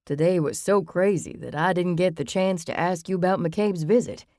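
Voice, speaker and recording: A woman's voice: lowish voice, moderate pace, darkish tone, dry recording, clean studio sound, close to an everyday voice. A woman voicing a chatty, theatrical man who loves being the center of attention, reading a list aloud to friends in an audiobook. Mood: amused.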